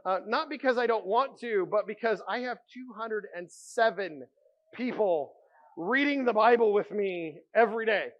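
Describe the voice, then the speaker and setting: High-voiced man preaching an animated sermon. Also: normal speed, highs cut off. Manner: animated storytelling, drops to a hushed voice for quiet moments. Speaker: pastor.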